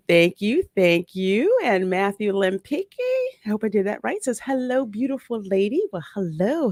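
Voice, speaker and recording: A woman's voice: mid-range voice, creaky, no echo, clean studio sound. A woman hosting a casual live-stream movie chat, greeting viewers by name and giving blunt, opinionated takes.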